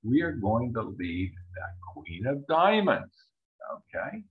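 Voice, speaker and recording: A man teaches a card-game hand in a chatty walkthrough, his pitch swinging up and down as he acts out what each player is thinking. The recording sounds dull and lo-fi. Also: sing-song, slow. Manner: chatty, acts out players' thoughts in little voices. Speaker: bridge teacher. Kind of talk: screen-share lesson walkthrough.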